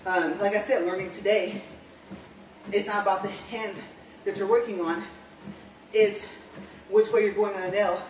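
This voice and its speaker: Walking on a treadmill in a home room, a medium-pitched woman talks through a casual walk-and-talk vlog, breathless and rambling, often correcting herself. The audio sounds distant and roomy, with slight background noise.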